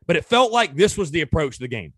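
A man hosts a sports talk show and rants in exasperation, throwing out question after question. His voice sits high and swings widely in pitch as he works himself up. The sound is dry and close, with no room around it. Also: very animated, fast, fairly bright tone, slightly rough, dry recording. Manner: exasperated, ranting with rhetorical questions. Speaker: sports podcast host. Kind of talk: casual sports commentary.

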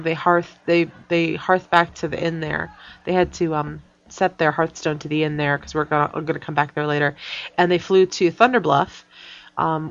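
A woman hosting a podcast in casual chat, talking chattily with many fillers and frequent laughs. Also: on the low side. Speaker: podcast host. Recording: dull lo-fi sound.

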